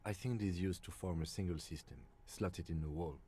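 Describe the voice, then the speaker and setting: Composed detective partner in a game; very low, mellow, precise. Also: male voice, normal speed. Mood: measured. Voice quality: dark, husky, very deep. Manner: calm, precise, dry. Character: calm, measured male police lieutenant partner.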